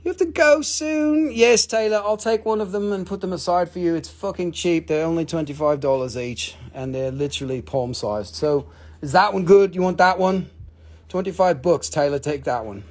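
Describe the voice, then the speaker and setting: A man with a mixed Australian and Northern English accent, hosting a casual live crystal sales stream, excitable and rambling, swearing freely. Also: fairly high pitch, moderate pace.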